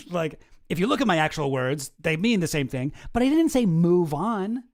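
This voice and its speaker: Guy putting on a whiny evasive pundit dude, high and insistent. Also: very animated, moderate pace, no echo, clean studio sound. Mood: mocking. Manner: whiny, insistent mocking impression. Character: defensive, evasive male political pundit backpedaling.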